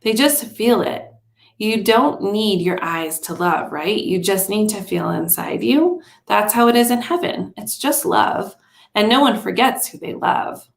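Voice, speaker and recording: A woman's voice: medium pitch, animated, measured pace, vocal fry. Woman reading as a tired, tender mother. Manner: soft, gentle and hushed. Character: tender, tired mother comforting her son. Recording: roomy echo.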